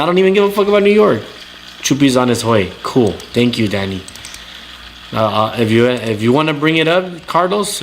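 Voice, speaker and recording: Man, young, talk-show host, profane blunt rants, mid pitch, faint background noise. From Southern California. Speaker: talk show host reading live chat. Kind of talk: casual livestream rant.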